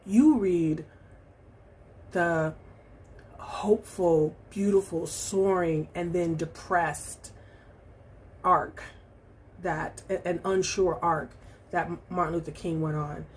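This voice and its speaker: Woman chatting about books, slow and a bit low voiced, lots of ums and restarts. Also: steady tone, slight background noise. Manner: reflective, halting, many fillers and restarts. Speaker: book vlogger. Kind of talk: casual book review vlog.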